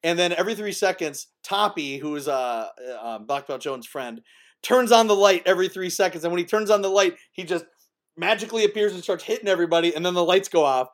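Excitable high-voiced man chatting about films. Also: fast. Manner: animated, acts out scenes with sound effects and quotes. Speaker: podcast co-host. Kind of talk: casual chat about films.

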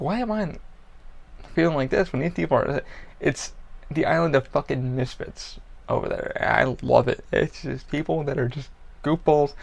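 A man's voice: medium pitch, vocal fry. A man hosting a podcast, talking candidly in a blunt, profane, rambling way about his own life. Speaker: podcast host. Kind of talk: candid personal talk.

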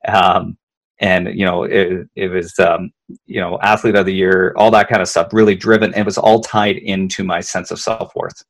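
Low-voiced man explaining in rambling fashion. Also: little pitch movement, moderate pace. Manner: rambling, repeats words, asks "right?" often. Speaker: leadership consultant. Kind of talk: conversational explanation.

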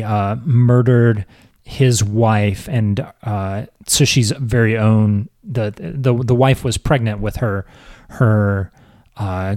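A man hosting a podcast who explains history casually, with halting restarts. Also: on the low side, darkish tone, no echo, clean studio sound. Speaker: podcast host. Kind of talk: casual chat.

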